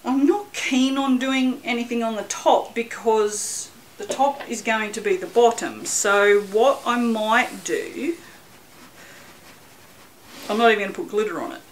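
A woman's voice: a little high, a little slow, poor audio. Aussie lady rambling about her soap stuff, self-mocking, bit of swearing, faint hiss behind. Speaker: soap maker vlogger. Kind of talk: casual chatty vlog.

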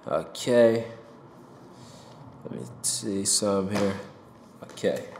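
A rapper giving a heated opinion monologue to camera from a home desk mic, swearing and jumping loud and high for emphasis. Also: male voice, drawn-out words, roomy sound, noisy background. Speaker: rapper and commentator. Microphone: desk mic with pop filter.

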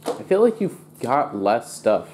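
A man's voice: medium pitch, sing-song, unhurried, darkish tone, slight background noise. A man co-hosting a casual vlog, tossing in dry teasing remarks at his friend. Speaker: co-host. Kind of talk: casual chat.

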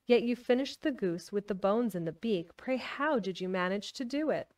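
A woman's voice: medium pitch, expressive, moderate pace, a little mellow, recorded from a distance, lightly acted. A woman voicing a pert young man with a sing-song rhyming delivery.

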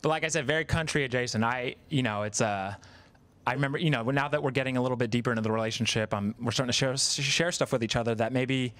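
A man's voice: mid-range voice, fast, fairly bright tone, slight background noise. A man in his thirties doing a stand-up comedy set on stage, conversational and self-deprecating, with lots of fillers. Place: live comedy stage, in front of an audience.

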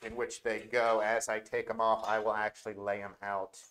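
A man talks through a repair job as he does it, calm and easygoing. He jokes now and then between steps, and his voice sometimes drifts away from the mic while he works. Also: on the low side, normal speed, echoey room. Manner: relaxed, joking, talks while working with his hands. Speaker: repair technician demonstrating. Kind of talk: live instructional demo with banter.

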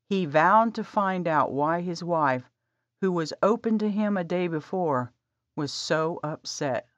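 A woman narrating an audiobook in a calm, measured reading. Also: lowish voice, no room sound. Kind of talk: scripted narration. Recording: dry, slightly dull audio.

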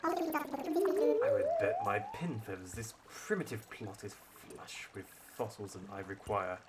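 A man's voice: huge pitch swings, measured pace, very noisy. A man voicing a fussy, scholarly male owl museum curator who is squeamish about bugs, reading game dialogue in a pompous, sophisticated tone. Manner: pompous, sophisticated tone with flowery wording and sudden squeaky jumps. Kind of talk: reading game dialogue aloud in character on a stream. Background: loud game music.

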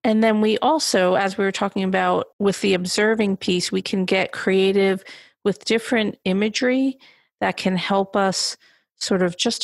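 Woman therapist on a podcast, bit of vocal fry, laughs a lot, casual explaining. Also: mid-range voice, no echo, clean studio sound. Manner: warm, laughing easily, self-deprecating. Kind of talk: casual instructional chat.

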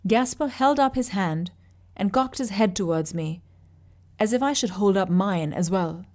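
A woman narrating a short story aloud in a steady, vivid reading. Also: mid-range voice, measured pace. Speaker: reader. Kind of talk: audiobook narration.

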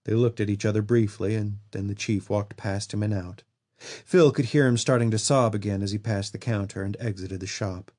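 A man reading a horror novel aloud as an audiobook narrator, in steady storytelling. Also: on the low side, moderate pace. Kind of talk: scripted narration.

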